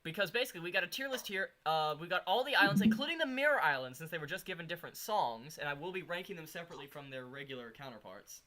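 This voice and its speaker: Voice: mid-range voice, lively intonation, very fast, few pauses, a crowd in the background. A streamer hosting a casual live stream, rambling and self-mocking as they introduce guests. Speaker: streamer host.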